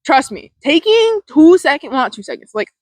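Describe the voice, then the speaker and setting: With a high voice, big pitch swings, and a brisk pace, a woman hosting a mindfulness podcast wanders through a casual motivational talk, saying "like" constantly and swearing now and then. The recording is dry and rough.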